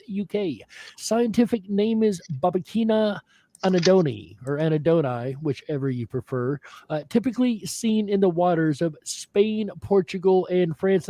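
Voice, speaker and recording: A male host of a livestream panel with a somewhat high, mellow voice. He announces each item like a showman and thanks donors by name. The sound is close and dry. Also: dry recording.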